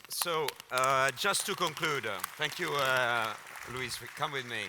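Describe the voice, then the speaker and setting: A man with an Italian accent moderating a conference, joking and relaxed, with fillers. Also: mid-range voice, a little slow, crowd noise, noisy background. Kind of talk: closing remarks at a conference.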